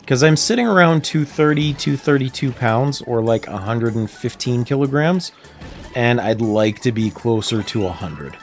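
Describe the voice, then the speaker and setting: Canadian male streamer, chatty and laughing, lively pitch, faint music behind. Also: moderate pace. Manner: chatty, laughs often, animated storytelling. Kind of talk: casual gameplay livestream chat.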